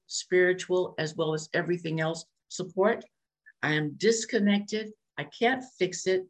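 A woman's voice: on the low side, fairly bright tone. An older woman speaking candidly over a video call, sharing her recovery story at a meeting with repeated refrains. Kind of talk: personal recovery share.

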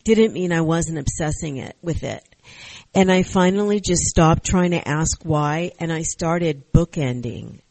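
A man giving a personal share at a support meeting, speaking earnestly and reflectively. His voice is fairly high-pitched yet mellow and dark. The sound is dry and close. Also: a little slow, gravelly, no room sound. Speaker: member sharing at a recovery meeting.

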